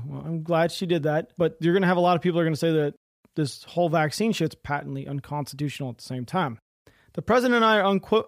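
A man's voice: a little high, no room sound, studio quality. A man hosting his own podcast, giving blunt, heated, profane political commentary that rambles with restarts. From United States. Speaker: podcast host.

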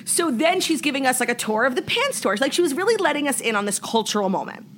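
A woman's voice: high-pitched, fast. Young female podcast co-host, casual storyteller, filler-heavy, faint hiss. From New York. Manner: chatty, heavy "like" filler, animated retelling.

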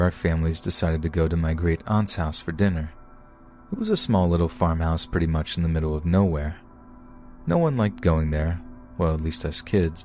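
A man calmly reading true scary stories aloud as a podcast narrator. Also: low voice. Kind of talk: scripted horror story narration.

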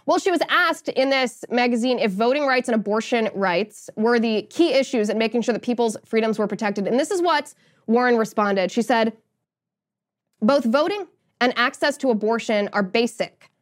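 A woman's voice: a little high, brisk. Sarcastic, indignant woman podcast host. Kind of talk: opinionated political commentary.

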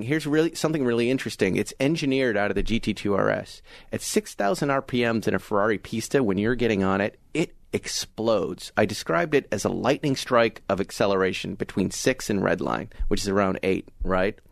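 A middle-aged man from Massachusetts co-hosting a casual car talk podcast, telling stories with animated enthusiasm. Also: fairly low pitch, a little fast, vocal fry, no echo. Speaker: podcast co-host.

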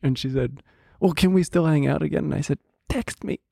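A man with a slightly high voice chats casually on a podcast and winds through long stories. He acts out what everyone said. The sound is close and dry, with no room echo. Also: quick pace, creaky, darkish tone, breathy edge. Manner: rambling storyteller, acts out quotes. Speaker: podcast co-host. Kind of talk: casual chat.

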